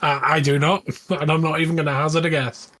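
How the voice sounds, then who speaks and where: A man co-hosting a podcast in an easygoing manner, quick to laugh along. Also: fairly high pitch, level tone, bright, forceful tone. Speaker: podcast co-host. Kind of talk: casual banter.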